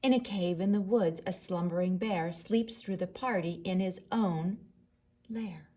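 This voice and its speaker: A woman reading a picture book aloud to children, expressive, dropping to a hush on the refrains. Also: lowish voice, a little slow. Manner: expressive, with hushed whispered refrains. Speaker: storyteller.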